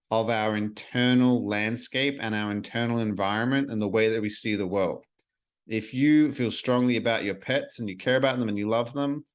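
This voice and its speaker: A man hosting a solo podcast, talking earnestly and reflectively in a casual way, with the odd swear word. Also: fairly low pitch. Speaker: podcast host.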